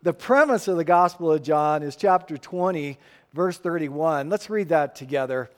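A man's voice: a little high, normal speed, big-room sound. A man preaching a sermon in a church, emphatic and playful with the congregation. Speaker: pastor.

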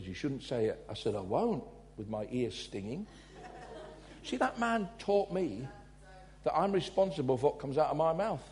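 A man from England, preaching a sermon and telling personal stories, swinging between loud emphasis and quiet asides. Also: a little high.

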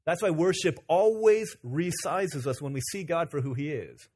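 A man preaching a sermon as pastor, telling stories in an animated, joking way. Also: a little high, moderate pace, breathy edge.

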